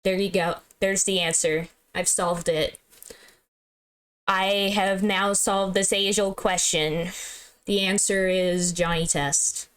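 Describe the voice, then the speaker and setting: A woman's voice: medium pitch, fairly even intonation, takes it slowly, fairly bright tone, clear, resonant tone. A young woman giving casual, giggly, playfully dramatic commentary while playing a visual novel. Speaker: game streamer. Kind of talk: casual let's-play commentary.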